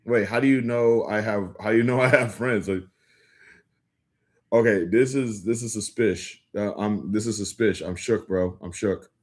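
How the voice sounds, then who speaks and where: A young man hosts a casual livestream from home, talking straight to his chat in a slangy, rambling way full of "like" and restarts. His voice sits on the low side for a man, and it jumps up when something surprises him. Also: normal speed. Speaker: livestream host. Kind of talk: casual live-stream chat with viewers.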